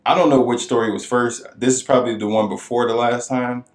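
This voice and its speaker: A man co-hosting a podcast, telling a story in casual chat and acting out the people in it. His voice cracks high now and then. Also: a little fast, roomy sound. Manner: animated storyteller who acts out quoted voices. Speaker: podcast co-host.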